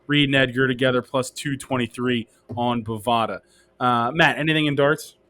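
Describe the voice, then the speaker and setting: A man's voice: medium pitch, fairly even intonation, moderate pace, pushed and bright. A man hosting a casual sports betting podcast, moving the talk along and reading out betting odds. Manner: leads the segments, reads out betting lines. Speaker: podcast host.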